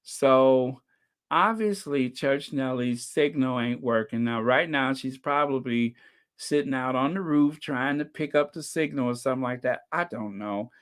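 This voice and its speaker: A man hosting a relaxed live-stream chat, talking at an unhurried, easy pace. His voice is smooth and clear as he chats, reads out viewers' names and comments, and laughs along. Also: mid-range voice. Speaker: channel host.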